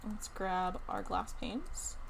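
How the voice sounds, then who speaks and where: A young woman streaming a building game, chatting casually and thinking aloud in an excited, talkative way. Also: mid-range voice, slow, gravelly, slight background noise. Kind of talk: casual live-stream chat while playing a building game.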